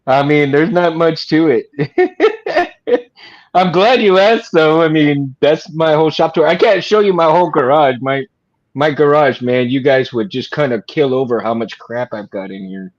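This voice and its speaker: A man's voice: on the high side, lively intonation, measured pace, muffled recording. A man who builds lightsabers, chatting casually and hesitantly on a livestream video call. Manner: hesitant, many fillers. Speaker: lightsaber maker.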